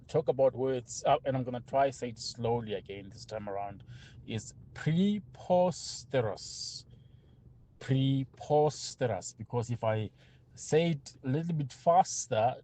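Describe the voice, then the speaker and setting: A South African man calling in to a radio show, talking slowly and self-deprecatingly. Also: medium pitch, dark tone. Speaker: radio caller.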